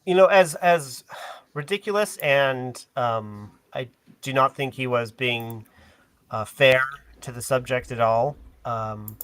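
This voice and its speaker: A man's voice: medium pitch, slow, a bit bright, smooth. A man in a casual panel chat, speaking hesitantly with many fillers. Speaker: podcast panelist.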